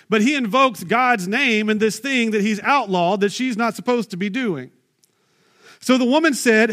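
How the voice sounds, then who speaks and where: A man's voice: very high-pitched, a bit bright. A man preaching a sermon, reading scripture and breaking off into chatty asides and rhetorical questions.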